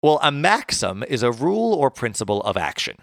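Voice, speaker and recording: A man's voice: medium pitch, very animated, brisk, gravelly, a bit bright, dry recording, clean studio sound. A man, co-hosting a podcast and casually explaining philosophy, self-deprecating and tripping over hard words. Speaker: podcast co-host.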